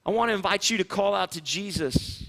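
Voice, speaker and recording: A man preaching from the pulpit in a high, bright, ringing voice. He speaks as a pastor, piling up phrases in an earnest, repetitive, pleading rhythm. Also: fairly quick, vocal fry. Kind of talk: sermon. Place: church sanctuary, also streamed online.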